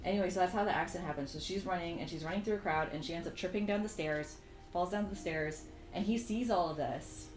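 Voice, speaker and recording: A young woman vlogger chatting casually while she draws, telling a story in an animated, exasperated way with sudden jumps in pitch. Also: fast talker, echoey room, soft background music, poor audio. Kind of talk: casual chat while drawing.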